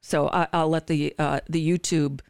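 A blunt, indignant woman hosts a political talk stream and swears without hesitation, tripping over her own restarts. Her voice sits low and comes through smooth and resonant. The studio microphone gives it a dry, close sound. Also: little pitch movement, moderate pace, darkish tone, no room sound. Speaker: talk show host. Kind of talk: livestream political commentary.

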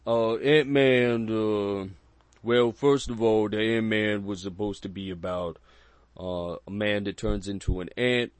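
Deadpan low-voiced man in movie chat. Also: unhurried, no echo. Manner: deadpan, dry literal humor. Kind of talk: casual movie review chat.

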